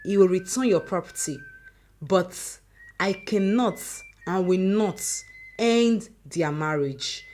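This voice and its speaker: A woman voicing a calm, firm middle-aged mother-in-law who speaks in measured warnings. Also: medium pitch, a little hiss or hum, close to an everyday voice.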